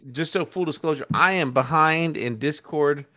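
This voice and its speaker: A man's voice: a little high, normal speed, bright, forceful tone. A man co-hosting a casual podcast who makes playful, teasing jokes. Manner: playful, mock-menacing jokes. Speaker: co-host.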